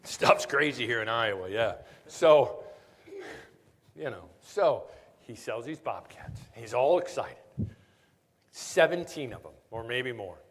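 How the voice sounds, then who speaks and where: Lively-pitched man lecturing in a reverberant hall. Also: takes it slowly, long pauses. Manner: jokey, storytelling, keeps asking "right?". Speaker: tax seminar presenter. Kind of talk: live conference lecture. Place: conference hall.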